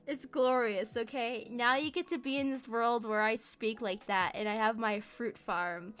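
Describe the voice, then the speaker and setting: A woman's voice: fairly high pitch, animated, normal speed, few pauses, bright, forceful tone. A woman streamer chatting casually while she works, playful and rambling, often breaking into giggles. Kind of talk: casual live stream chat.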